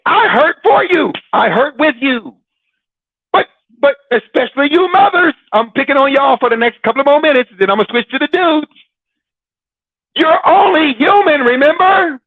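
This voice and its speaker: A man's voice: extremely high pitch, lively intonation, moderate pace, no echo. Male Christian show host, teasing preacher delivery; dry, tinny phone-quality recording. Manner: teasing and preachy, laughing often, with dramatic repetition. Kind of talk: sermon-like casual talk.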